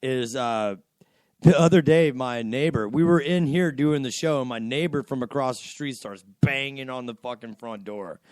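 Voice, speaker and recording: A young man hosting a casual home-studio radio show, telling a profane story with animated energy and laughter. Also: mid-range voice, moderate pace, dry recording. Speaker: podcast host. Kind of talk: crude casual radio banter.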